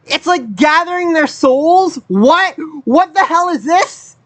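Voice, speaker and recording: An anime reaction host giving casual commentary, swearing constantly and rambling in incredulous outbursts. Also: very high voice. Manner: excited, rapid rambling. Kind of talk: casual reaction commentary, reading subtitles aloud.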